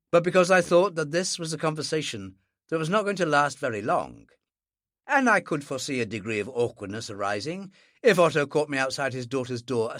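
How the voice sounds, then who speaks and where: Thriller audiobook narrator; wide-ranging, expressive delivery, close and dry. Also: medium pitch, dry recording. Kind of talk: first-person thriller narration.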